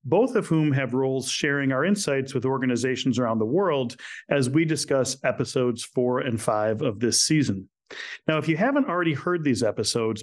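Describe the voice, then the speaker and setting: A male podcast host with a friendly, upbeat manner. His voice sits at a middling pitch, and he introduces guests and steers the conversation. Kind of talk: podcast hosting.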